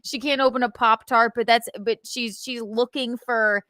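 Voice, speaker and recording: A woman hosting a casual live stream, animated and swearing as she acts out scenes. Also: a little high, no echo, studio quality. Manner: animated, swearing, acting out scenes with quick voices. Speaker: podcast host.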